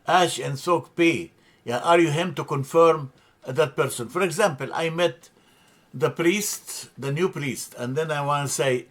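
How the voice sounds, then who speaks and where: A man teaching a grammar lesson, halting with many fillers and restarts as he spells out words. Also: a little high, fairly bright tone. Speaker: language teacher.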